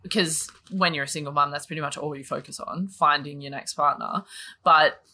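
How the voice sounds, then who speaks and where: A woman's voice: low voice, steady tone, fairly quick, sharp tone. A woman chatting candidly, swearing freely and filling her talk with likes and ums. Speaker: guest sharing her story. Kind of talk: casual chat.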